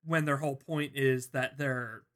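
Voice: mid-range voice, steady tone, unhurried, fairly bright tone. A podcast co-host talking in a laid-back, chatty and wry way. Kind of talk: casual chat.

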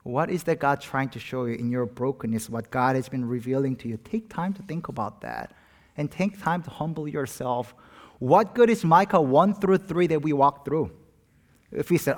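A middle-aged man preaching a sermon, earnest, building to loud emphatic peaks on key phrases. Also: medium pitch, animated, moderate pace. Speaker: pastor.

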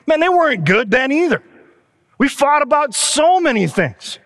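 A pastor giving a sermon, telling a story in an animated way with asides and quick laughs. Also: male voice, very high-pitched, long reverb tail.

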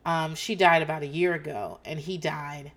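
A woman's voice: low voice, fairly even intonation, moderate pace. A middle-aged woman hosting a podcast, chatting casually, rambling off track and swearing freely. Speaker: podcast host. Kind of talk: casual chat.

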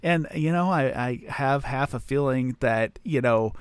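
A man's voice: medium pitch, measured pace, smooth, no room sound. A man co-hosting a podcast in casual chat, rambling with restarts and laughing easily. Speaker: podcast co-host.

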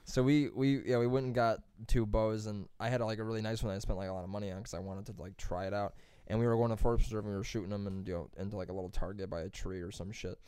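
A man's voice: lowish voice, fast, hardly any pauses, clear, resonant tone, dry recording. A young man telling a long, rambling story in casual podcast chat, swearing often and acting out what people said. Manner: rambling, profane, animated when quoting.

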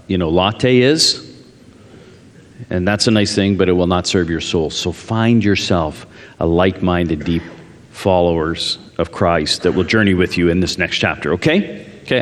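A man's voice: deep voice, normal speed. A male pastor praying earnestly, then telling a self-deprecating, humorous story from the pulpit. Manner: earnest in prayer, animated and self-deprecating in anecdotes. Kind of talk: sermon with prayer and humorous storytelling. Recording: echoey church hall.

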